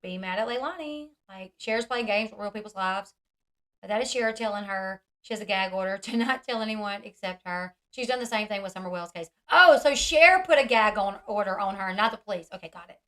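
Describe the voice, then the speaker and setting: A woman's voice: mid-range voice, fairly quick, fairly bright tone. A woman hosting a commentary vlog, blunt and sarcastic, often mockingly mimicking others. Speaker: commentary channel host.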